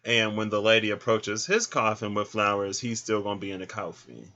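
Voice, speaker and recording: A man's voice: lowish voice, brisk, pushed and bright. A man giving a casual card reading, chatty and thinking aloud as he goes. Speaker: card reader. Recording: dull lo-fi recording.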